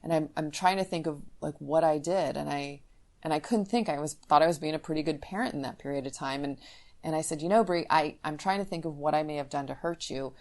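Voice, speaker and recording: A woman's voice: low voice, fast talker. A middle-aged woman hosting a parenting podcast, teaching and telling candid family stories with frequent restarts. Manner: candid, storytelling, self-interrupting restarts. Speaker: podcast host, parenting coach.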